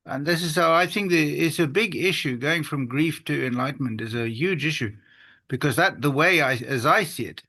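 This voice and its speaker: A man with a bright voice talks through a spiritual question in an earnest, halting way. He often stops and restarts mid-thought and pokes fun at himself. He is speaking over a video call. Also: a little high. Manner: earnest, halting, self-deprecating. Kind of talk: conversational spiritual discussion.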